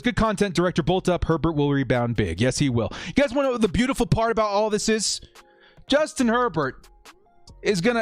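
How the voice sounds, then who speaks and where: A young man talks casually to his live-stream viewers, reading their comments aloud and laughing often. His voice sits a little high and swings animatedly in pitch. The mic is close and dry, with faint background music. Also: dry recording.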